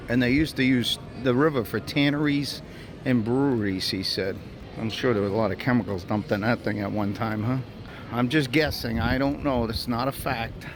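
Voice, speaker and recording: A man chatting casually as he walks a city tour for his travel vlog, thinking aloud. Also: medium pitch. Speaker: travel vlogger. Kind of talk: casual walking tour narration. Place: city streets outdoors. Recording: outdoor street noise.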